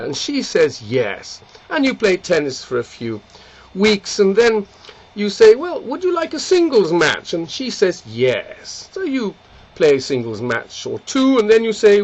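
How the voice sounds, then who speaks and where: A man's voice: high-pitched, lo-fi sound, exaggerated voice. A man playing a prim, dismissive Englishman who talks in a mock-proper way.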